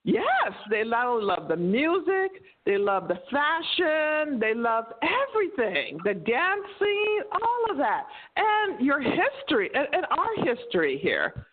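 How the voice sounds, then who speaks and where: A middle-aged American woman, a guest on an interview show, chatting in an animated way, laughing often and acting out the voices in her stories. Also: high-pitched, measured pace. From United States. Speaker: guest, co-host of a cooking show. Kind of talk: casual interview chat. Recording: tinny phone-like line.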